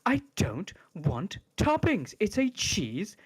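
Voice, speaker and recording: A man's voice: high voice, wildly swooping pitch, slow pace, slightly rough, full character voice. A man doing a smug, droll Brit. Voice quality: sarcastic-sounding, rising-falling tone with bumped emphasis.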